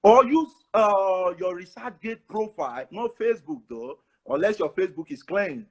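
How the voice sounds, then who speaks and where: Lively high-voiced Nigerian professor. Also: male voice, moderate pace, husky. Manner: animated, advising. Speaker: professor, guest speaker. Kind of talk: webinar advice talk.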